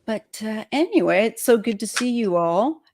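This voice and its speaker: A woman's voice: fairly high pitch, animated, moderate pace, darkish tone, a little hiss or hum. A woman in her fifties hosting a live-stream chat from home, talking casually and restarting her sentences often. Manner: chatty, trailing off and restarting. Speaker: tarot channel host.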